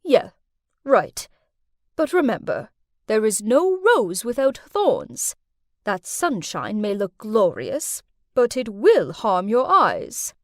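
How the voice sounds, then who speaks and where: A woman voicing a calm, wise female tutor in an animated story, lecturing in a measured way and fond of proverbs. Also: a little high, no echo, studio quality. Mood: cautioning.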